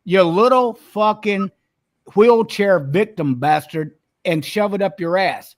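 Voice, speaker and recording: Older man, angry, profane, sarcastic, higher-pitched voice, podcast guest. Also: takes it slowly. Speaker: guest wrestler.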